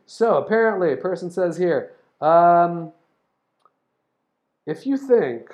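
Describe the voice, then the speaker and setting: A man hosting a casual explanatory monologue, rambling through ideas, spelling out words and filling pauses with ums and restarts. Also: high voice, lively intonation, a little mellow. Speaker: host explaining topics to listeners.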